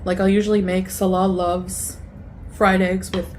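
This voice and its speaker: A woman's voice: medium pitch, little pitch movement, a little slow, darkish tone, slight background noise. A woman in a food vlog casually describing her meal and her breakfasts. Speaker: food vlogger. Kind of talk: casual chat.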